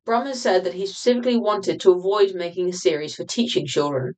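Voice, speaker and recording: The recording is rough as a woman reads her own nonfiction book aloud on a livestream. Her voice is fairly low, and she explains at a steady, measured pace, sometimes going back to restart a word.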